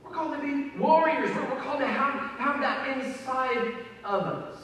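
Emphatic preacher in an echoing hall. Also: male voice, very high-pitched, normal speed, a bit bright, slight background noise. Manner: conversational, repetitive, emphatic. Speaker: pastor. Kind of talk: sermon. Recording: echoey hall from far off.

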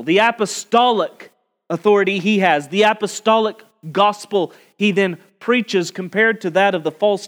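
A man preaching an expository sermon, emphatic, rising on key words and slowing down to stress them. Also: high-pitched, fairly bright tone.

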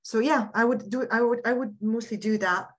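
A woman mindset and happiness coach, a guest on a podcast, talking in a casual, reflective way with frequent restarts and soft laughs. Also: a little high, steady tone, brisk.

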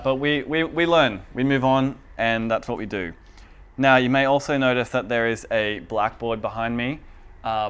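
A man's voice: medium pitch, a bit bright. A man giving a casual, chatty teaching talk in a church room, often asking the audience whether they follow. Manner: chatty and informal, asks the audience for agreement.

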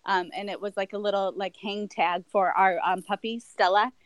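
A woman's voice: medium pitch, steady tone, moderate pace, no echo, rough recording. A young woman candidly telling a personal story as a guest, rambling with many fillers and restarts.

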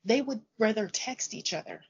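Husky teacher woman telling animated stories. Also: on the high side, moderate pace, dull audio. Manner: animated storyteller acting out dialogue. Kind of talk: casual interview chat.

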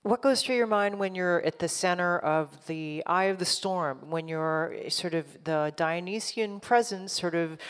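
A woman interviewer asks long, searching questions, circling with fillers as she goes. Her voice is on the lower side and rings with long hall reverb. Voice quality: searching, hesitant phrasing with many fillers.

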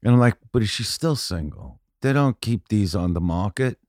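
A man telling stories as a podcast guest, profane and rambling, saying "you know" constantly and often building to loud punchlines. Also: lowish voice, moderate pace, dry recording, studio quality. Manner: animated, often shouting punchlines. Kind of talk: casual storytelling chat.

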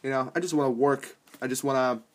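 Brief: young male podcast host, loose profane rambling, frequent laughs, mid-pitched voice. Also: fairly even intonation, fast. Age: young adult. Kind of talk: casual rambling monologue.

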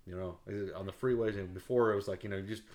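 A man's voice: lowish voice, fairly even intonation, fast, darkish tone. A man hosting a podcast in casual chat, telling profane work stories, acting out quotes and laughing often. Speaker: podcast host.

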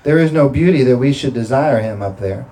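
A man's voice: mid-range voice, fairly quick, warm tone, slight background noise, poor audio. A male pastor preaching a sermon and leading a communion prayer, with emphatic, rising delivery and call-and-response to the congregation. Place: church sanctuary.

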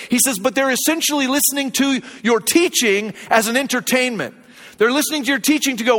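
High-voiced man preaching in a reverberant hall. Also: a little fast. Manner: earnest, varies pace, drops to a low hush for emphasis. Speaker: pastor. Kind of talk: sermon. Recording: long reverb of a large hall.

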